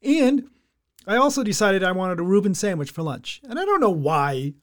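Man, high-pitched for a male, casual co-host, plainspoken and profane. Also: sing-song, normal speed. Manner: blunt, swears freely, explains with examples. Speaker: podcast co-host. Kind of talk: casual chat.

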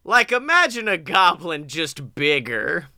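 Joking, animated male podcast co-host. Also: fairly high pitch, unhurried, vocal fry, no echo, studio quality. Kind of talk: casual chat.

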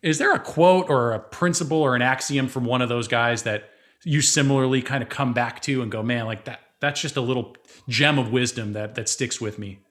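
A man's voice: mid-range voice, a little fast, a bit bright. A man hosting an interview, thinking aloud about an idea before asking his guest a question. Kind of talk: reflective conversation.

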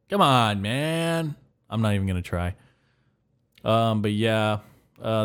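Young male podcast host, deep and clean-toned, deadpan, crude and rambling. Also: clear, resonant tone. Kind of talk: solo comedic podcast monologue.

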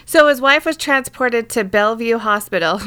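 A woman's voice: fairly high pitch, moderate pace, pushed and bright, clear, resonant tone. Woman, podcast co-host, casual chat, reads news aloud, swears freely, blunt asides. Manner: irreverent, swearing, reads news then jokes.

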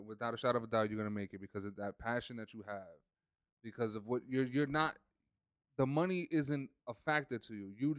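Emphatic, encouraging podcast host. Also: male voice, medium pitch, clean tone, no room sound, studio quality. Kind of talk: casual podcast chat.

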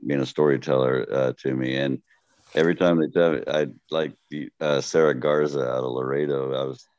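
A very deep-voiced Texan man talks in an unhurried drawl, as a comedian guest telling stories in an interview. The sound is dry and a little dull, close to the mic with no room around it. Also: steady tone, a little mellow, no room sound. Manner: slow-paced, deep, laid-back drawl. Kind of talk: slow, steady storytelling.

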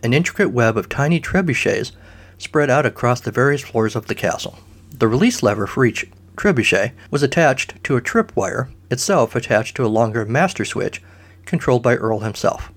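A man narrating a comic story with dry, deadpan asides. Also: mid-range voice, normal speed.

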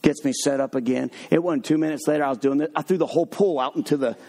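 A man preaching a sermon, mixing funny stories with slow, emphatic points. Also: a little high. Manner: lively, humorous storytelling with sudden drops to slow emphatic points.

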